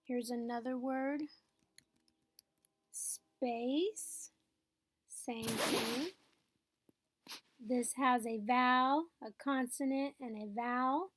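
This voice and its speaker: Female teacher, high voice, unhurried and patient, explaining each step. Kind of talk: phonics lesson.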